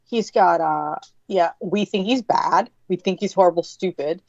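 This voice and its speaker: A woman's voice: lowish voice, unhurried, dry recording, highs cut off. A woman with a Southern US accent arguing bluntly and swearing freely, talking over the host. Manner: profane, blunt, talks over others. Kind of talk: heated argument.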